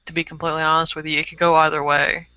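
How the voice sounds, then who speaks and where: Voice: mid-range voice, little pitch movement, very fast, pushed and bright, clear, resonant tone, dry recording. A co-host in a casual chat about painted miniatures, talking hesitantly with many fillers. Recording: dry lo-fi sound.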